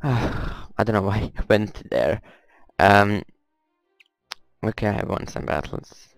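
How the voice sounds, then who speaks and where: A man's voice: fairly low pitch, takes it slowly, smooth, no room sound, soft background music, poor audio. A man casually commenting on a strategy game he is playing, rambling, muttering to himself and swearing at the game now and then. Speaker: gameplay commentator. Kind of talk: casual let's-play commentary.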